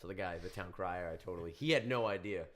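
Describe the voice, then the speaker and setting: Low-voiced, quick, animated young man. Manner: quick, animated, jokey talker. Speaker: podcast guest. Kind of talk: casual chat.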